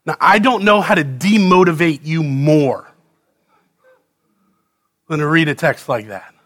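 A man preaching a sermon as a pastor, voicing scripture dramatically, moving from loud pleading questions to quiet low readings. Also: measured pace.

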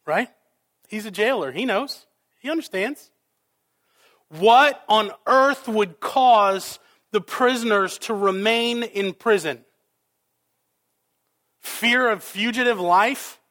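High-voiced preaching man, dramatic delivery. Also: slow, long pauses. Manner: dramatic, rhetorical questions, shifting loud and soft. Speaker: pastor. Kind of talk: sermon.

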